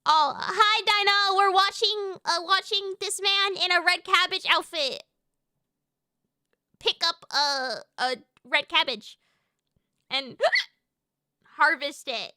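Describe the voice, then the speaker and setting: American girl streamer, super high voice, swears a lot, dry close mic. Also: dry recording. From United States. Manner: excitable, sweary, quick comebacks. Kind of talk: casual live-stream chat.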